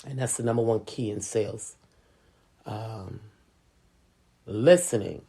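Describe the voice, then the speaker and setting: Middle-aged woman, chatty storyteller, gravelly raspy voice, lively pitch. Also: takes it slowly. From Hispanic and Native American heritage, US. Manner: animated, chatty, says "you know" often. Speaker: school speaker, sales professional. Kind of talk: casual storytelling.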